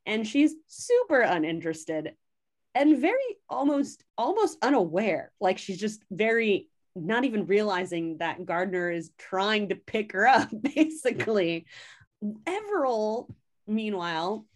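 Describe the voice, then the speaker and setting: A woman casually recapping a story as a podcast host, chatty, animated and fond of swearing. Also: mid-range voice, unhurried.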